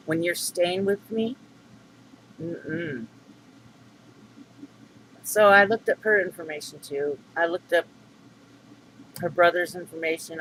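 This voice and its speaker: A man's voice: on the high side, pushed and bright, slight background noise, poor audio. A middle-aged man venting to camera in a rambling, aggrieved vlog monologue full of fillers and restarts. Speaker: vlogger.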